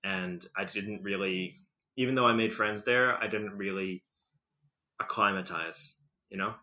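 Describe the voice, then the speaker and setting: A young man with a slightly British-tinged accent, chatting casually as a podcast guest, rambling with lots of fillers and quick laughs. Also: fairly low pitch, sharp tone. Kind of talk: casual conversational storytelling. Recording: slightly muffled lo-fi recording.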